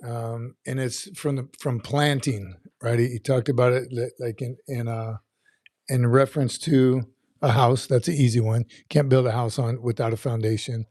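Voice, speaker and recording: A man in his fifties chats casually through a livestream, rambling and circling back over his words as he reads comments aloud. His voice has a mellow, relaxed tone, and the sound is dry and close with no room around it. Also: mid-range voice, moderate pace, no echo. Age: 50s. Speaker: livestream host.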